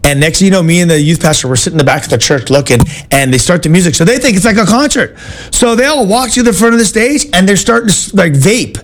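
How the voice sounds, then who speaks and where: Excitable man telling a story. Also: high-pitched, quick pace. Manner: animated and excitable, lots of "dude" and "like", frequent restarts. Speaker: radio show host. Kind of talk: casual storytelling on a talk show.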